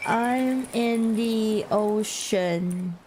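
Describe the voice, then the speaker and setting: A woman streamer in a casual chat livestream, playful and giggly, laughing often and trailing off with drawn-out fillers. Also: on the high side, background noise. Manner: drawn-out, hesitant with many fillers.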